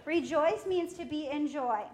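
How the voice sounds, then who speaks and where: A middle-aged woman preaching a sermon in a lively way, laughing often and acting out what people say. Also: sits high, a little slow. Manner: lively, laughs often, acts out quoted speech.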